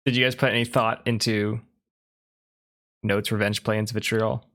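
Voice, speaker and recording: A man's voice: lowish voice, little pitch movement, unhurried, a bit bright. A man narrating a tabletop game as game master, loose and casual. He giggles often and fills his scene-setting with ums and likes. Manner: casual, giggly, filler-heavy.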